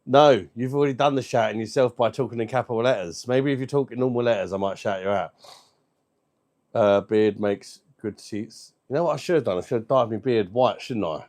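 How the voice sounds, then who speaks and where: Reading out viewers' comments on his laid-back beer review livestream, a man trades cheeky banter and swears without restraint. He talks a little fast, with a medium-pitched, slightly mellow voice.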